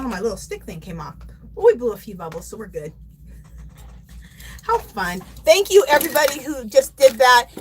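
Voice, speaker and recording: A woman's voice: fairly high pitch, slight background noise. Chatty, playful woman hosting a livestream. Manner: chatty and playful, reads viewer comments aloud, laughs often. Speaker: livestream host. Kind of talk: casual livestream chat.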